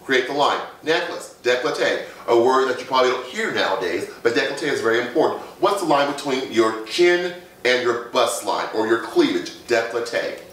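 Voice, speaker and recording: A man's voice: medium pitch, lively intonation, a little fast, fairly bright tone. A man working as a fashion consultant, coaching with confidence in lists and short punchy phrases. He sits away from the microphone. The room is very echoey. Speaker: fashion image consultant guest. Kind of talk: casual talk show advice. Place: Las Vegas. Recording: echoey room, far from the mic.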